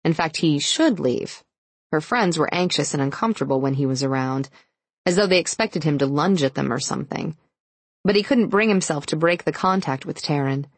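A woman narrating a romance audiobook with steady, even storytelling. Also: low voice, normal speed, no room sound. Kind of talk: scripted narration.

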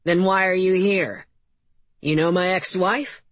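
A woman's voice: fairly low pitch, steady tone, a little slow, no echo, natural voice. A woman voicing a rude, defensive male suspect with a nasal, congested voice, in a slightly dull, dry recording. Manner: belligerent, swearing.

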